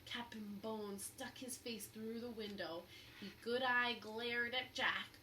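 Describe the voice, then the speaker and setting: A woman teacher reading a children's book aloud at story time, expressive and encouraging. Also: on the high side, slow pace, recorded from a distance, a little hiss or hum, rough recording.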